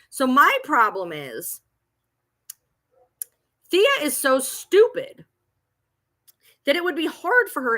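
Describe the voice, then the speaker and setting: This TikTok creator's livestream rant comes in a high-pitched, bright, forceful voice. At home and worked up, she curses and repeats herself while talking back to critics.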